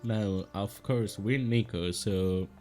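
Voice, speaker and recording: A man's voice: fairly low pitch, slow, mellow, soft background music. A man giving chatty let's-play commentary over a game, laughing often. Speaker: gaming streamer.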